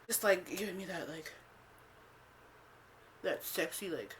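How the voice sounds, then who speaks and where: A woman vlogger telling a casual storytime, swearing freely, filling every pause with "like" and acting out what she said back then. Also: fairly low pitch, a little hiss or hum. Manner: animated, swears freely, acts out her own past lines; heavy use of "like" as filler.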